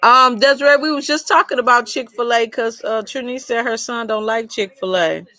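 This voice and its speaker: Lady chatting on her live stream, rambly storytelling, kinda high voice, dry close sound. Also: normal speed, sharp tone, dry recording. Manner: rambling personal storytelling, greets chat viewers. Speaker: live chat host. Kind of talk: casual live chat.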